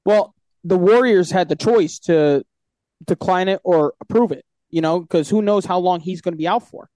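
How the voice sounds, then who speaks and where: High-voiced teasing sports podcast man. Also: normal speed, dark tone, dry recording. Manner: teasing, laughs often, talks through the other host. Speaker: podcast co-host. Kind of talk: casual sports chat.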